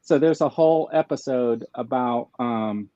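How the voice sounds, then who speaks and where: A man speaking as a guest on a casual livestream, his talk rambling and full of fillers. His voice is mellow and dark, and it comes through dull and lo-fi in a dry space. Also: medium pitch, a little slow, dry recording. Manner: rambling, many fillers, laughs easily.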